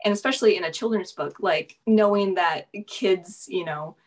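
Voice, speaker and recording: A woman's voice: fairly low pitch, moderate pace, far from the mic. A woman illustrator speaking thoughtfully with fillers in a livestreamed book launch conversation.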